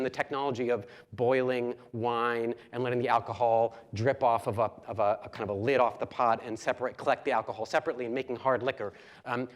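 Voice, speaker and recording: Chatty male professor lecturing. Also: medium pitch. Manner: lively storytelling, many ums and restarts. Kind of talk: public lecture.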